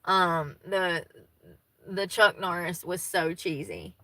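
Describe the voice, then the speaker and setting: A woman's voice: fairly low pitch, steady tone, takes it slowly, sharp tone, dry recording, rough recording. A woman in her thirties with a Southern US accent, chatting casually and folksily with her viewers and laughing easily. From Southern United States. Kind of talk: casual chat with live viewers.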